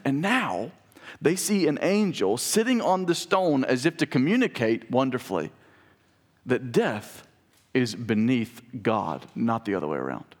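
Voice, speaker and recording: A young pastor preaching in a lively, storytelling way. His voice jumps high and loud when he acts out a scene. Then it sinks to a hushed, close tone for the tender points. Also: a little slow. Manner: animated storyteller, drops to soft intimate tone. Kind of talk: sermon with personal storytelling.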